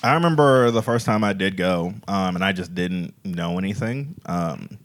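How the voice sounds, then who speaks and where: A young man telling a funny story in casual, slangy chat, laid-back and quick to laugh. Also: low voice, animated, fairly bright tone.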